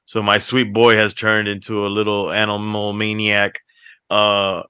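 A man on a podcast, co-hosting and telling stories in a casual, animated way that breaks into laughter. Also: fairly low pitch, unhurried, clean tone, no echo, studio quality. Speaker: podcast co-host. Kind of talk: casual chat, storytelling.

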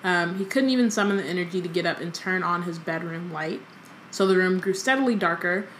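A woman's voice: lowish voice, a little fast, fairly bright tone, a little hiss or hum. A young woman co-hosting a casual book podcast, reading a novel aloud and breaking off into joking commentary with plenty of ums. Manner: chatty, reads then breaks off into joking commentary with many ums.

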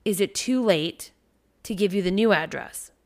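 A woman, a parent in her thirties, telling a story on a podcast in an animated, swearing, casual way. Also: mid-range voice, normal speed, vocal fry. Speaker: podcast host.

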